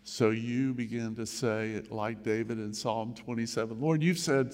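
A man's voice: medium pitch, fairly even intonation, a little slow, hardly any pauses, darkish tone, long reverb tail. An older man, a grandfather, preaching a sermon in a conversational storytelling manner. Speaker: pastor.

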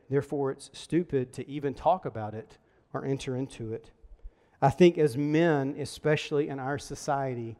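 A man's voice: mid-range voice, darkish tone. A man preaching a sermon as pastor, earnest and conversational, telling stories to a room of men. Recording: reverberant hall.

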